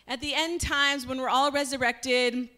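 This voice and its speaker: An earnest grieving woman, Martha, as a woman storyteller puts her on, talking casually and a little quickly. The voice sits fairly high and sounds everyday rather than theatrical. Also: steady tone, pushed and bright.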